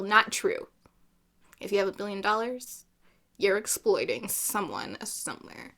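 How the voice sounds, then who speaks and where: A woman's voice: mid-range voice, sing-song, a little slow, bright, forceful tone. A woman giving casual gameplay commentary, chatty and opinionated, with jokey asides. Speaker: gaming YouTuber.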